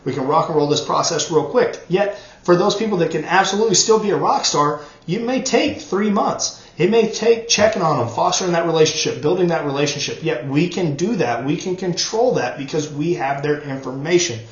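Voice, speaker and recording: A man's voice: a little high, fairly quick, hardly any pauses. A man giving an earnest motivational training talk, repeating words for emphasis. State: choked up, coughing. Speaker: network marketing trainer. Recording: roomy, dull lo-fi sound.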